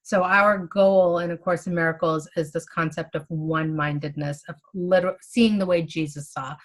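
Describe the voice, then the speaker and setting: Animated, conversational woman teaching. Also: fairly low pitch, moderate pace. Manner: animated, conversational, acts out inner monologues. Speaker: spiritual study teacher. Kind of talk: casual explanatory commentary.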